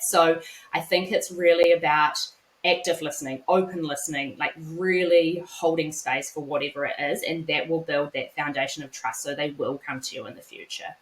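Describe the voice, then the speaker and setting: A woman in her thirties, a psychologist guest, explaining calmly with everyday examples. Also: low voice. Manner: calm, measured, explains with examples. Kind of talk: conversational explanation. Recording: roomy echo.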